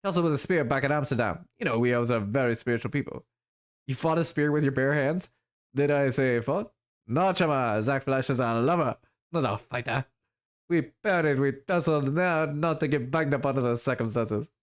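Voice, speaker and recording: A man's voice: mid-range voice, normal speed, lightly acted. A man voicing a scrawny, cheerful street elf drug dealer with sly, boastful sales patter, reading a video game aloud. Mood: rambling.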